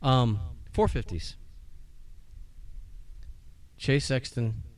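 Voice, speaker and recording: A man co-hosting a podcast on a porch, chatting casually and telling stories in a rambling, excitable way. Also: mid-range voice, drawn-out words. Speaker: podcast co-host. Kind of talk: casual chat.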